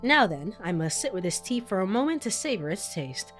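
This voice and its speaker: A woman's voice: mid-range voice, very animated, a little fast, fairly bright tone, faint music behind. A woman who is sick voices a pompous, refined tea connoisseur who speaks in grand, condescending flourishes. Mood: lofty, patronizing.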